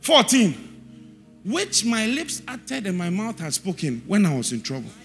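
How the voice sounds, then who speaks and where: A man with a Ghanaian English accent preaching a sermon in a church, repeating verse references and swinging from quiet asides to shouted, sing-song emphasis. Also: high voice, huge pitch swings, moderate pace, gravelly, soft background music.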